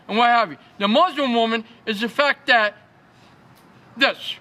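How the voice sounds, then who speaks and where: A man from Schenectady, New York, giving an agitated, repetitive rant in a street interview at city hall, sometimes rising to shouts. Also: very high-pitched, unhurried.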